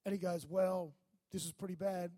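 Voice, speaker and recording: High-voiced pastor telling a story. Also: male voice, normal speed. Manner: animated, acts out voices in his stories. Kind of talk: sermon storytelling.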